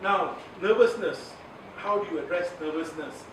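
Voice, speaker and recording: Man, Malaysian English accent, high voice, chatty workshop lecturer, recorded from far off. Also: normal speed, fairly bright tone. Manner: chatty, laughs often, mixes in Malay words. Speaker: media communication trainer. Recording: echoey, from far off, noisy.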